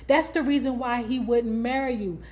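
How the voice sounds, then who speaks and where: A woman's voice: on the high side, moderate pace, a little mellow. Sassy, profane woman dishing book gossip. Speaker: book review vlogger. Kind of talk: casual commentary on a book.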